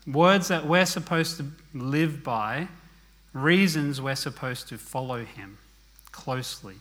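A man's voice: mid-range voice, animated, slow, a bit bright. A man preaching a sermon in an earnest, conversational way, dropping to a murmur at the ends of phrases. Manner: earnest, conversational preaching with frequent "okay?" asides.

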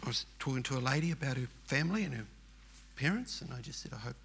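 An older Australian man tells his own story with a gravelly, creaky edge to his voice. He speaks earnestly and emphatically, and his sentences ramble and circle back. A faint hiss sits under the recording. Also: medium pitch, expressive, fast, a bit bright. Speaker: churchgoer telling his story. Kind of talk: personal testimony storytelling.

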